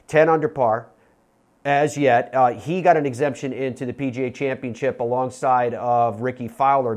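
A man with a medium-pitched, darkish voice hosts a golf radio show in casual sports talk. He rambles and corrects himself, reeling off names and often restarting his sentences.

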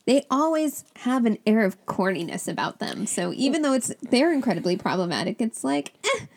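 A woman's voice: a little high, big pitch swings, fairly quick, gravelly, a little mellow. A woman co-hosting a podcast, casually recapping a book with wry comments and frequent laughs. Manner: wry, laughs often, likes to complain. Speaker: podcast co-host. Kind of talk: casual book-review chat.

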